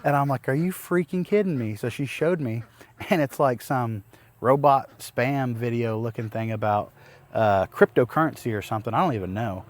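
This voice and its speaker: Speaking to the camera as a homesteading vlogger, a man perhaps in his thirties recounts an exasperating personal ordeal in a casual, rambling way, often starting over. He has a mid-range voice and keeps a moderate pace.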